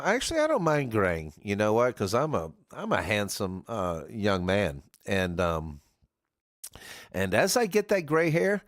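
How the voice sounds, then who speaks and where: His pitch sits on the low side but swoops wildly, and he keeps a measured pace; the studio-quality recording has no echo. The man runs a live karaoke stream, joking and rambling as he speaks directly to the viewers he's welcoming.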